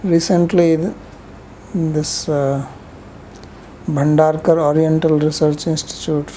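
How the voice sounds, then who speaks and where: A woman's voice: low voice, flat delivery, slow pace, mellow, a little hiss or hum, poor audio. A woman giving a rambling, conversational scripture lecture, telling stories with frequent asides.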